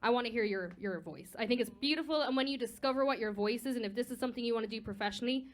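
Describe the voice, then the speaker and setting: A woman's voice: on the high side, very fast. A woman judging a live singing competition, joking and blunt, rambling through her critique with frequent restarts. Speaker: competition judge and singing teacher. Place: live performance venue.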